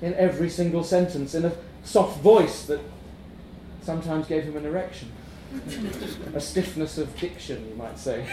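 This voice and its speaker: A man's voice: fairly high pitch, moderate pace, long pauses, noisy background. A man reading a darkly comic story aloud, wry and chuckling. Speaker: narrator. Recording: roomy echo.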